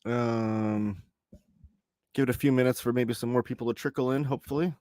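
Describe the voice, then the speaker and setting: A man in his thirties hosting a live stream from home, chatting casually and reading out viewer comments in a relaxed, rambling way. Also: medium pitch, brisk, dry recording. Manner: relaxed, rambling, reads chat messages aloud. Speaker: host. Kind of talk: casual livestream chat.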